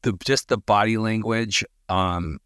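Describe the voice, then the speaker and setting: A man's voice: fairly low pitch, measured pace, fairly bright tone, clean tone, dry recording, studio quality. A man co-hosting a podcast, talking in a laid-back, plain-spoken way. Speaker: podcast co-host. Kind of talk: casual conversation.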